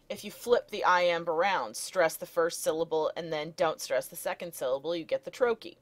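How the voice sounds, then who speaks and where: A woman's voice: deep voice, moderate pace, few pauses. A woman teacher narrating lecture slides, explaining steadily and reading poem lines aloud.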